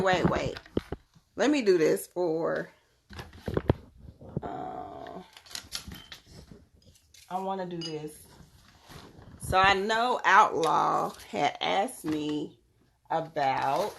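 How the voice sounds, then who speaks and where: Brief: young woman, deep voice with fry, relaxed chatty live-stream host talking to viewers through her phone. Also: a little hiss or hum. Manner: chatty, talks straight to viewers by name. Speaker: live-stream host selling crystals and readings. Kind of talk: casual live-stream demonstration.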